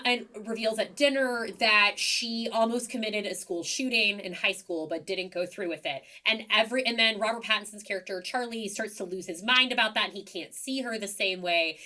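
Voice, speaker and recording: Young female podcast co-host: bright tone, average pitch, chatty and animated, casual recap delivery. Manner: chatty, animated storytelling with many likes and ums.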